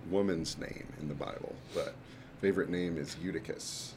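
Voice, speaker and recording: A man's voice: deep voice, fairly even intonation, moderate pace. A man co-hosting a casual podcast chat, joking and rambling as he talks. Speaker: podcast co-host. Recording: noisy with clicking sounds.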